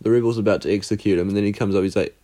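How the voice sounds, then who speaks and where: A man's voice: fairly low pitch, steady tone, rapid-fire, dark tone. A man co-hosting a podcast in casual chat over a video call, with dry teasing remarks. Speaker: podcast co-host.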